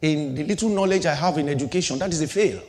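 A man's voice: a little high, quick pace, darkish tone. A middle-aged male pastor preaching a sermon, asking rhetorical questions and building and dropping his intensity, in a church hall. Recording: long hall reverb.

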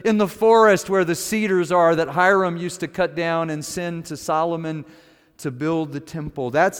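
A man preaching a dramatic first-person sermon, telling the story in character and moving from hushed to loud, animated delivery. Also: fairly high pitch, long reverb tail. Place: room with an audience.

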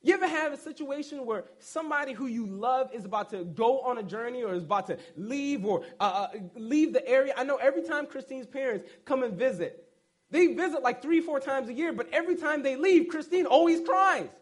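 High-voiced conversational preacher. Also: male voice, brisk. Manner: animated, joking asides, storytelling. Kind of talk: casual conversational sermon.

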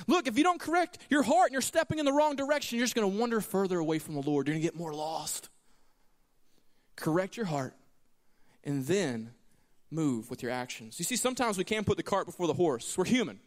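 Guy pastor giving a sermon, lively storyteller, lots of pitch swings, echoey church hall. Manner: animated storytelling, acting out quoted lines. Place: church sanctuary.

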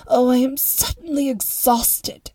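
A woman's voice: sits high, fairly even intonation, a little slow, warm tone, no echo, voice pushed up. Woman doing a formal, fretful rich older lady. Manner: formal and precise.

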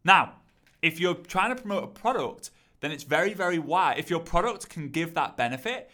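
A man coaching on content creation in an energetic, repetitive, rallying teaching monologue. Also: on the high side, normal speed.

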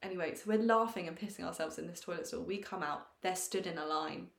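A woman co-hosting a podcast, telling a story in a lively, swearing, self-mocking way. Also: fairly low pitch, quick pace, vocal fry, echoey room. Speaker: podcast co-host. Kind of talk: casual storytelling chat.

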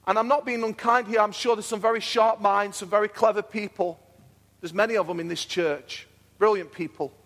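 A high-pitched man preaching in a church, earnest and repetitive, his phrases swelling into fervent declarations. His voice rings with a long reverb off the hall walls, and he often doubles back on a word before pressing on. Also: steady tone, fairly quick, fairly bright tone. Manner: earnest, repeats himself, builds to fervent declarations. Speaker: pastor. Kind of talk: sermon.

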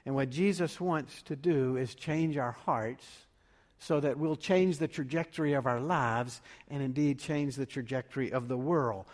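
A man delivering a sermon as pastor, measured and full of rhetorical questions. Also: mid-range voice, a little mellow. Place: church sanctuary. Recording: long reverb of a large room.

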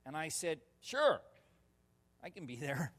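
A male pastor telling a personal story in a sermon, animated and laughing, with sudden loud shouts. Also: fairly high pitch, moderate pace. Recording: long reverb of a large hall.

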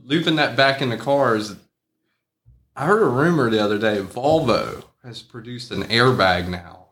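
A man's voice: medium pitch, measured pace. Man telling a road story with gusto. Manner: animated, acts out the people in his story. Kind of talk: casual storytelling chat.

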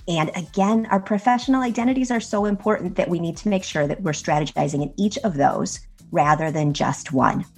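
Woman career expert as podcast guest, slightly low voice, calm and earnest advice. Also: brisk, few pauses, faint music behind. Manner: steady, earnest, advisory.

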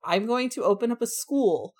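A woman's voice: a little high, moderate pace. A woman co-hosting a casual book discussion, talking frankly and with slang, and acting out the characters' lines. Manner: animated, frank, slangy, acts out quotes.

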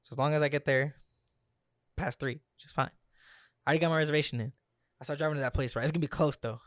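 A man's voice: fairly high pitch, fast talker, no room sound, clean studio sound. A young man telling a made-up scenario in casual chat with a friend, acting out every exchange in slang. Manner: animated storyteller, acts out quotes with slang. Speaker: storyteller in a hypothetical scenario game. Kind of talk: casual banter between friends.

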